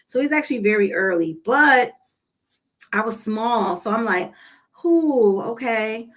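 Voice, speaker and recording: Animated woman telling a story. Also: on the high side, normal speed, poor audio. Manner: animated, emphatic, talks straight to viewers. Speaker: vlogger. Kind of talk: casual storytelling to camera.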